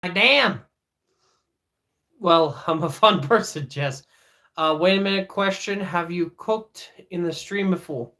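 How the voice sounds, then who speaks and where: A man's voice: high-pitched, slow pace, sharp tone. A man, streaming live in casual chat, joking and teasing viewers as he reads their messages aloud. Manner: many fillers and restarts.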